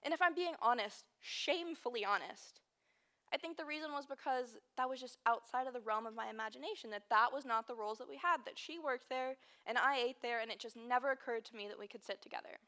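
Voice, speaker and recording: A woman's voice: fairly high pitch, quick pace, pushed and bright. Earnest young woman giving a talk. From Texas. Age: early 20s. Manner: earnest, emphatic repetition. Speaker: student speaker. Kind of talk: personal storytelling speech.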